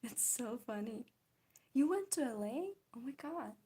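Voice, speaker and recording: Fairly high-pitched and animated, this young woman's voice is mellow with a breathy edge, delivered at a measured pace. She draws on stream, casually chatting with her audience, answering their comments, and giggling often.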